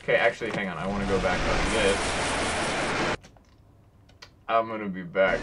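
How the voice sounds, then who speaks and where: A man's voice: low voice, fairly even intonation, measured pace, pauses often, recorded from a distance, music in the background. A man joking to himself and yelping now and then as he plays through a video game. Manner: joking, talks to himself while playing, sudden yelps. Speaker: gameplay streamer. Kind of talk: casual gameplay commentary.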